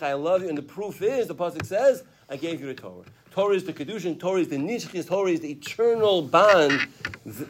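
A man's voice: on the high side, slight background noise. A man teaching a Torah class in a conversational way, asking his listeners questions and often restarting his sentences. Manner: conversational, asks the audience questions; frequent restarts and "you know" asides. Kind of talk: Torah lecture.

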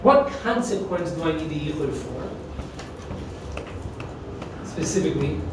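A man with a fairly high voice leads a Talmud class, firing questions at the room and hammering on key terms. He sounds far from the mic, in a very echoey room with faint noise behind. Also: big pitch swings, a little slow. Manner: questioning, emphatic, mixes Hebrew terms. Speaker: teacher.

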